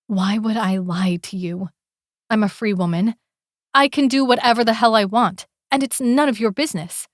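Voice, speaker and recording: A woman voicing a defiant, sharp-tongued young woman in an audiobook, delivering biting, sarcastic retorts. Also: medium pitch, normal speed, no room sound, studio quality, close to an everyday voice. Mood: defiant, mocking. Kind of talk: audiobook character voice.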